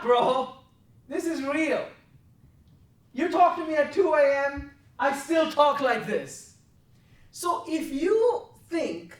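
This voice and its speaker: Intense high-voiced woman lecturing traders. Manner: intense, blunt, profane, presses for answers. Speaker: trading desk head. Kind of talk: confrontational mentoring talk. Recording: roomy, from a distance.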